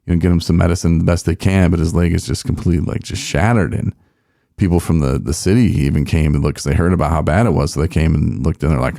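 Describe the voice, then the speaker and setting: Deep gravelly man telling a story. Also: fairly even intonation, quick pace, warm tone, dry recording, studio quality. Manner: rambling, filler-heavy, folksy. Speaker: podcast host. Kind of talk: casual storytelling chat.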